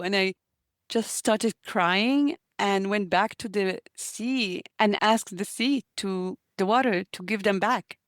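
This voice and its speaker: A woman's voice: medium pitch, a little slow, no room sound, studio quality. A woman guest, an author, telling personal stories in an earnest, heartfelt way during an interview. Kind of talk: reflective interview conversation.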